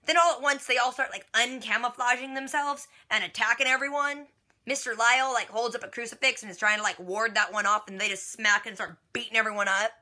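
With a voice on the high side and fairly even intonation, a young woman briskly recaps a TV episode in a bright, forceful tone. She's a reaction vlogger who chats in slang and uses "like" constantly.

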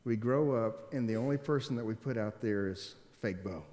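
A man in his forties, a pastor preaching a sermon in a church, telling stories and swinging between loud emphatic stretches and quiet, subdued ones. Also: lowish voice, moderate pace. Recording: long hall reverb.

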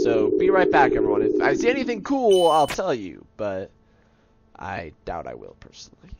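A young man commentating on his own gameplay in an excitable, self-mocking way, muttering to himself between outbursts. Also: medium pitch, normal speed, highs cut off, very noisy. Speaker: let's play gamer. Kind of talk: let's play commentary. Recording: game music playing behind.

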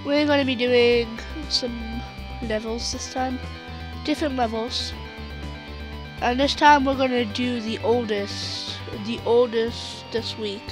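Woman host for gameplay commentary: high voice, slow delivery, jokey, prone to sudden screams. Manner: jokey, bursts into screams and exclamations. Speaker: gaming channel host.

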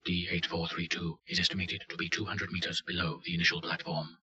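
A man reads a clinical report in a deadpan, very deep monotone. His tone has a hard, forceful edge. The recording sounds dull and lo-fi. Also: a little fast. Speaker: narrator. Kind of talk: scripted narration.

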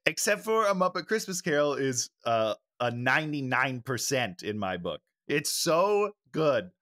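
A man's voice: medium pitch, very animated, a little slow, sharp tone. A man co-hosting a casual podcast chat, enthusiastic and agreeable. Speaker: podcast co-host.

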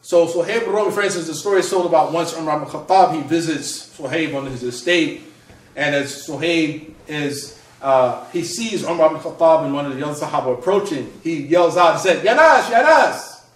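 A man's voice: fairly high pitch, a little fast. A man, an author and scholar, lecturing in an explanatory way. He often checks in with a rhetorical "right?" and restarts his phrases. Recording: echoey room, mic at a distance.

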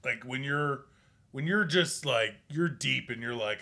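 A man's voice: medium pitch, a little slow, creaky, pushed and bright. A man co-hosting a casual comedy chat show, playful and joking, laughing often. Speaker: co-host.

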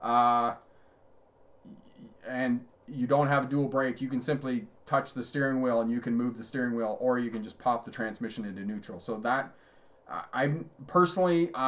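A middle-aged man, a driving instructor, giving a live lesson, telling road stories with chuckles and reading out viewer questions. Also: mid-range voice. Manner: conversational, storytelling with chuckles. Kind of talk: live-streamed lesson answering chat.

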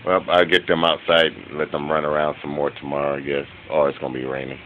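A man filming his dogs at home on a handheld camera, giving an excited, laughing, profane running commentary that turns quieter near the end. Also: fast, phone-quality sound, a little hiss or hum. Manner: quieter and lower toward the end. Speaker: dog owner filming his pets. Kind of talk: casual home video commentary. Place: room in a home with a bed.

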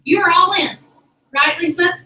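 Woman, high voice, motivational talk, chatty, echoey room, distant mic. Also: measured pace, a little hiss or hum. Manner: chatty, animated, addresses the audience as "y'all". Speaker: sales director. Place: meeting room with an audience. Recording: roomy sound from a distance.

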